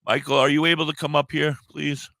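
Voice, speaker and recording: Brief: male radio co-host, blunt rambling talker, bright, crisp and dry. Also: a little high, level tone, fairly quick, no room sound. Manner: rambling, blunt, cheers and swears. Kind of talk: casual radio banter. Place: radio studio.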